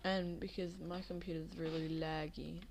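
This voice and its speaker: A woman's voice: deep voice, level tone, moderate pace, a little mellow, a little hiss or hum. A tired young woman rambling casually over a game she is playing, drowsy, with many fillers. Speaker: Minecraft video maker. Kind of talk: casual gameplay commentary.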